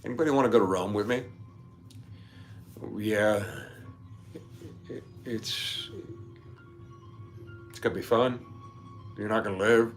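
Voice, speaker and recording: Slow and pausing often, a man with a lowish voice hosts a casual livestream over soft background music. He reads viewers' comments aloud, laughs often, and drifts into nerdy asides as he chats.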